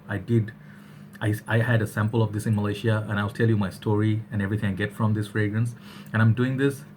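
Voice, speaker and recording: A man's voice: fairly low pitch, slight background noise. A man chatting energetically to camera as a fragrance reviewer. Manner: chatty, energetic, keeps saying "all right". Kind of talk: casual chat to camera.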